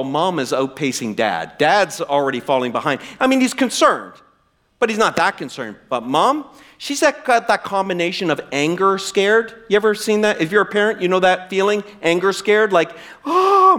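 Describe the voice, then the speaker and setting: Animated, lively male preacher. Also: sits high. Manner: animated, humorous, direct address. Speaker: pastor. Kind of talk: sermon.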